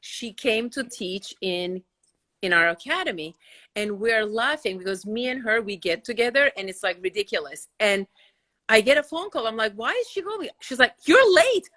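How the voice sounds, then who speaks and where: A woman hosting a casual livestream chat from her couch, telling stories in an animated, bubbly way. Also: mid-range voice, moderate pace. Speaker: host. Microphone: phone.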